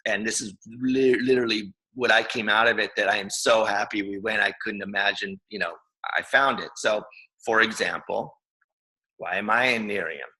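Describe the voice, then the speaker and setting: A man's voice: lowish voice, steady tone, moderate pace, bright, forceful tone, rough recording. A man in his fifties giving a casual, enthusiastic training talk, rambling with restarts. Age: 50s. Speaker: co-host.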